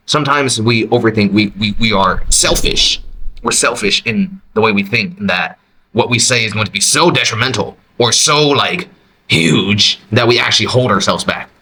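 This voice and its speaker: A man hosting his own podcast, reacting to a clip with emphatic, animated commentary from a quiet, empty room. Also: normal speed, poor audio. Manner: animated, emphatic, jumps to high exclamations. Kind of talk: reaction commentary, casual monologue.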